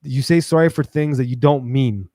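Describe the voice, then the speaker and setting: A man hosting his own livestream, talking in a rambling, animated way, full of fillers and restarts. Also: mid-range voice, normal speed, dry recording, studio quality. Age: adult with a daughter. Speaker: livestream host. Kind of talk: casual livestream monologue.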